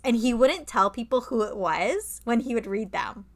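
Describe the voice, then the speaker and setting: A woman's voice: on the high side, lively intonation, normal speed, over a noisy crowd. A woman co-hosting a podcast in casual chat, talking freely with lots of fillers and the odd swear word. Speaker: podcast co-host.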